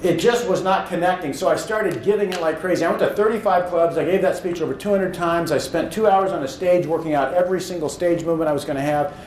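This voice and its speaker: A man who speaks professionally tells a motivational story about his own career in an earnest, animated way, now and then acting out his own thoughts. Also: a little high, fast, hardly any pauses, reverberant, a little hiss or hum, rough recording.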